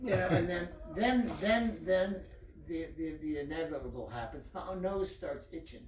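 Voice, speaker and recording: A man's voice: fairly high pitch, normal speed, reverberant, distant mic. A man telling a long personal story in casual, profane talk, laughing as he goes.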